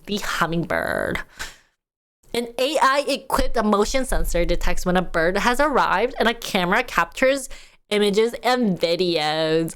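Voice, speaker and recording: A woman's voice: medium pitch, a bit bright. A woman streaming live, chatting casually with her viewers, reacting to news items with frequent laughter.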